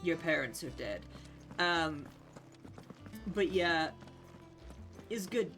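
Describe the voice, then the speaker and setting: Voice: medium pitch, lively intonation, extremely slow, pauses often, fairly bright tone, faint music behind. Chatty sweary gaming streamer. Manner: chatty, sweary, reads game text aloud. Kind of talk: casual live gameplay chat.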